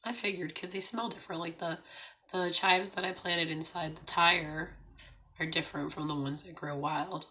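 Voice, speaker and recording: A woman hosts a relaxed morning livestream with a hoarse, raspy voice. Her pitch sits a little low. She chats loosely, laughs a lot and greets viewers by name as they come in. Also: moderate pace. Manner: chatty, laughs often, greets viewers and reads out chat. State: hoarse from laryngitis. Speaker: livestream host. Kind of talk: casual morning livestream chat. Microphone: streaming setup.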